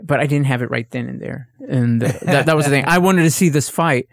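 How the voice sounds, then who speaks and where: A man's voice: medium pitch, a little fast, gravelly. A man on a casual podcast, ranting and swearing as he tells a story and acts out exchanges in a raised voice. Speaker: podcast co-host. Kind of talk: casual chat.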